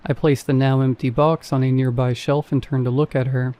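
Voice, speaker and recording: A man tells a first-person scary story, calm and measured. His mellow, dark-toned voice sits at a middle pitch, and the reading is steady and scripted.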